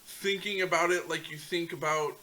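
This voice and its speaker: A man's voice: on the high side, fairly even intonation, moderate pace, pushed and bright, rough recording. A young man co-hosting a casual podcast chat, rambling and stumbling over names. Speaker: podcast co-host.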